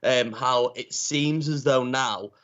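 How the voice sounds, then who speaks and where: A man speaking as a guest on a casual live football chat, rambling and halting with lots of "you know" and ums. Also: mid-range voice, a bit bright, lo-fi sound. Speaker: guest pundit.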